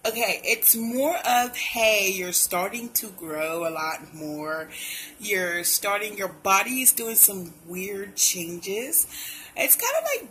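A woman's voice: mid-range voice, a bit bright, a little hiss or hum, rough recording. A young woman talking casually to her viewers in a pregnancy vlog, loose and chatty, calling them y'all. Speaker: pregnancy vlogger. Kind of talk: casual chat to camera.

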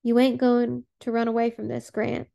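A woman's voice: fairly high pitch, completely flat delivery, normal speed, creaky, warm tone. A woman reading the part of a stern elderly aunt who speaks firmly and insists. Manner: firm, commanding.

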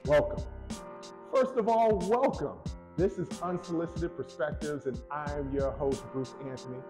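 A man's voice: on the high side, moderate pace. A man hosting a podcast, reading its scripted opening in an upbeat, announcing way. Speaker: podcast host. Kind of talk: scripted show intro. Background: music bed.

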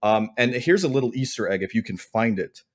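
Here a man in a mid-range, animated voice co-hosts a wrestling podcast. He keeps the chat casual, joking around and rambling in quick bursts.

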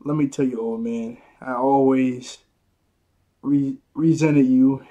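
A man reading out the lines of a defiant, beaten male black-market dealer, slow and scornful. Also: medium pitch, steady tone, warm tone, muffled recording, close to an everyday voice.

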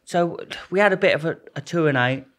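A man's voice: fairly high pitch, brisk, fairly bright tone. A young man, a podcast guest telling stories in a rambling, slangy way with plenty of swearing and restarts. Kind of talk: casual storytelling interview.

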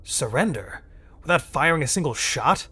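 A man voicing a skeptical male alien advisor who speaks gruffly and doubtfully. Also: fairly high pitch, lively intonation, moderate pace, bright, forceful tone, heavily acted.

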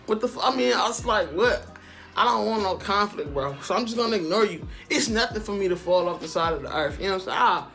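A man with a high-pitched voice tells a story to camera in casual, profane slang. He keeps checking in with the listener as he goes, and faint music plays underneath. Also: fairly bright tone. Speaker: storytime vlogger.

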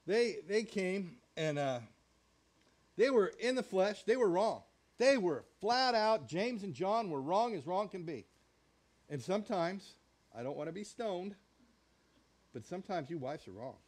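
A man's voice: high-pitched, animated, a little slow, darkish tone. A man preaching a sermon as pastor, folksy and joking, acting out little quotes as he teaches.

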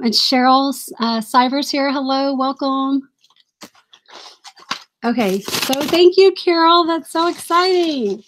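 Chatty high-voiced woman. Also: slight background noise. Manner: chatty, apologetic and easily distracted; enthusiastic, gushing over items. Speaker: reseller hosting a live stream. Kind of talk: casual live-stream chat.

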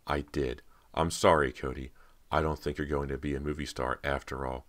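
A cold, cruel teenage ghost speaks in a flat, slow, quiet voice, as a male reader puts her on. Every word is dry and unhurried. The voice stays very deep. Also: no echo. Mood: mocking. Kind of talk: audiobook character voice.

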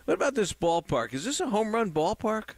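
A man with a fairly high voice hosting a sports radio show. He talks eagerly and folksily about the game and steers the guest with leading questions. His voice sounds dry and close. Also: very animated, brisk, dry recording. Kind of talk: casual sports radio chat.

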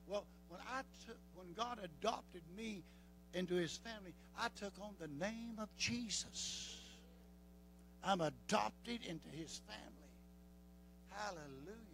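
High-pitched Southern preacher, folksy drawl. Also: male voice, lively intonation, measured pace, vocal fry, fairly bright tone, a little hiss or hum, rough recording. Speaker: pastor. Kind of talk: sermon.

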